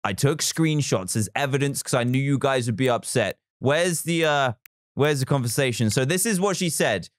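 A man's voice: mid-range voice, lively intonation, normal speed, no echo, clean studio sound. Chatty man hosting a game stream. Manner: chatty and playful, thanking viewers between bits of play. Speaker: livestream host. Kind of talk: casual live game-stream chat.

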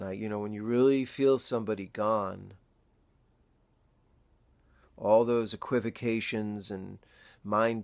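Older man, grieving father, gravelly voice, halting and emotional video-diary delivery. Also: fairly low pitch, dry recording. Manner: halting, reflective, pausing often. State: emotional, near tears.

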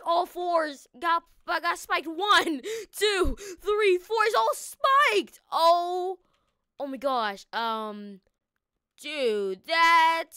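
Brief: woman game commentator, very high and bright, excitable, lots of exclamations. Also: dry recording, clean studio sound. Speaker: gaming video host. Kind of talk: excitable let's-play commentary.

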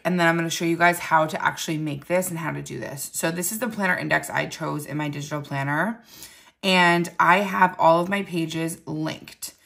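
A woman's voice: low-pitched, creaky, a bit bright. A young woman with a groggy, just-woken-up morning voice, chatting casually through an app tutorial with lots of ums and likes. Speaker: digital planner seller and tutorial host.

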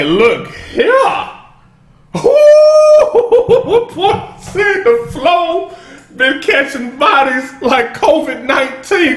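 A man giving excited, casual commentary while reacting to a rap song, often stopping to say "hold up.". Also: high-pitched, echoey room. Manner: excitable, keeps interrupting with "hold up"; bursts into laughter and shouts. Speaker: music reaction host.

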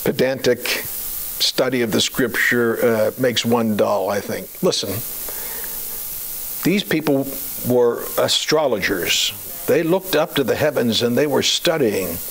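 A man preaching a sermon, chatty and full of fillers and rhetorical questions, slowing down to a deliberate cadence for scripture readings. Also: mid-range voice, gravelly, fairly bright tone, a little hiss or hum, low-quality recording. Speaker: pastor.

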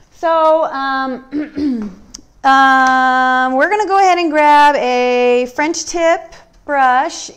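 A woman with a bright, high voice gives a live furniture-painting demo. She chats through each brushstroke in a relaxed, easygoing way. Her tone stays smooth and clear, and she thinks aloud as she works. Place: warm indoor workshop.

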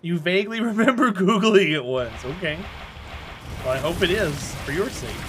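A man's voice: high voice, animated, moderate pace, noisy background. A man streaming a game, chatting casually and teasing his viewers with jokes. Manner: joking, teasing chat banter.

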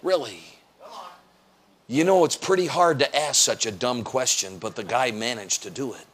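A man's voice: medium pitch, animated, normal speed, slightly rough. An American man, an evangelist preaching an emphatic sermon in church, firing off rhetorical questions and acting out quotes. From United States. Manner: emphatic, rhetorical questions, acts out quotes, sometimes raises voice to a shout. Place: church, evening service.

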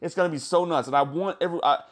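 Hyped-up man with a slightly high voice. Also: rapid-fire. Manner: excited, profane, repeats "guys". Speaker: crypto YouTuber. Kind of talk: hyped casual vlog.

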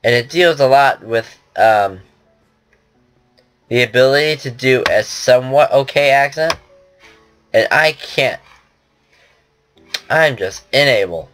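Man, casual gaming commentary, rambling, self-mocking, mid pitch. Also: takes it slowly, pauses often, a bit bright, soft background music. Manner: rambling, self-deprecating chatter. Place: at a home computer.

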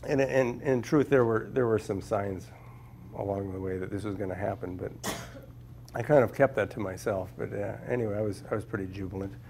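Gravelly-voiced man telling funny stories. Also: fairly low pitch, a little fast, darkish tone, a little hiss or hum. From Minnesota, USA. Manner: humorous storyteller, repeats words while finding them. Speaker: guest speaker, scientist. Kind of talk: anecdotal talk to a class. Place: lecture room with a live audience.

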